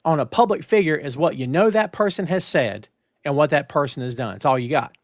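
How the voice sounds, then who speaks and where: A man hosting a wrestling news talk show, emphatic and animated, with lots of restarts. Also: on the high side, brisk, no room sound, studio quality. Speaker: podcast host. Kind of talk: casual wrestling news chat.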